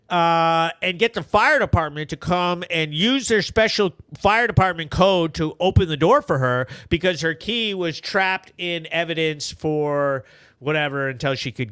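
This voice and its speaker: A man's voice: a little high, fairly bright tone, clear, resonant tone, no room sound, clean studio sound. A man hosting a casual live-stream show, reacting animatedly with frequent laughter and reading out viewer comments. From Vermont, US. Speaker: host of a local news recap live show.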